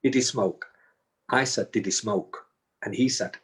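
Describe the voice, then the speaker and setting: A man with a low, husky voice tells a long story as a guest. He stumbles and restarts often, and he acts out each person's words as he goes. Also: a little slow. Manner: recounts events with repeated restarts and acted-out quotes. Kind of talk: storytelling in conversation.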